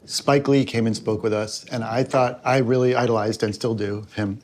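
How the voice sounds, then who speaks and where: A man's voice: medium pitch, steady tone, normal speed, darkish tone, slight background noise. Guy guesting on a casual chat, rambly, lots of restarts.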